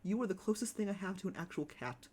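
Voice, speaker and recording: A live streamer chatting casually over gameplay, excitable, repeating phrases and cooing over pets. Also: mid-range voice, fast, husky.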